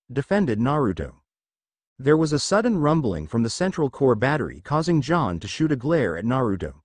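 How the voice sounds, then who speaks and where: A man narrating a fan fiction story in a steady, expressive reading voice. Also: medium pitch, moderate pace, no echo.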